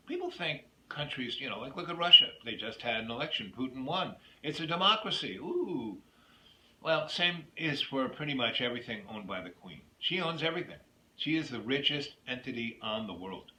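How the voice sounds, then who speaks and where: Hosting his own video, a man with a medium-pitched, pushed and bright voice wanders through a personal story that slides into his opinions. You can hear room echo and a little faint noise.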